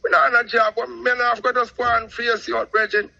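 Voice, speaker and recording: A middle-aged Jamaican man telling a long personal story in patois, animated and talkative, calling in to a show. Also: very high-pitched, quick pace, gravelly, dull audio. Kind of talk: casual storytelling on a call-in show.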